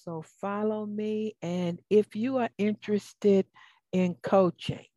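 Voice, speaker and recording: Middle-aged Southern US woman, talk radio host, unhurried and folksy, mellow lowish voice, dry close sound. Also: steady tone, no room sound, lo-fi sound. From Atlanta, US. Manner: folksy and encouraging, drawls some words out. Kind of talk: upbeat talk radio hosting.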